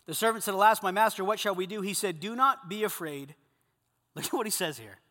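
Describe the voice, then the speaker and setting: A man preaching a sermon to a group of men, animated, swinging between loud emphasis and hushed intensity. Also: high-pitched, fairly quick, big-room sound. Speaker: pastor.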